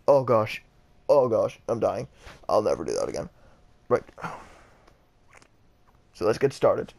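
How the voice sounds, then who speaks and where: A man's voice: lowish voice, big pitch swings, measured pace, gravelly, pauses often, a little mellow. A young man casually commenting on a game he is playing, rambling and self-deprecating with lots of fillers. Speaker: gaming channel host. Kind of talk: casual let's-play commentary.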